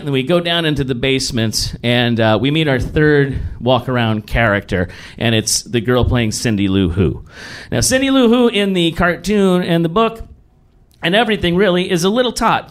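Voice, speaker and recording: A young man spins a comic tale from his own life, mocking himself as he goes. His voice sits a little high and jumps up and down as he tells it. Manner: animated, self-mocking, swings between high and low pitch. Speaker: storyteller. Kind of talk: comedic personal storytelling.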